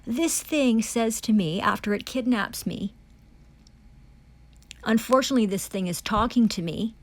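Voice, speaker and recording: A woman's voice: on the high side, a little slow, dry recording. A woman giving an angry testimony, ranting in furious, profane accusations, repeating herself and restarting phrases. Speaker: self-described foreign diplomat giving testimony.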